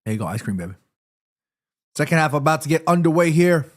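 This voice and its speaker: A man hosts a casual livestream from his room, reading out chat messages between bites. His voice sits slightly high and moves up and down a lot, and his throat is a little sore. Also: animated, quick pace. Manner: chatty, reads chat messages aloud, eats between lines. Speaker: livestream host. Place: home room.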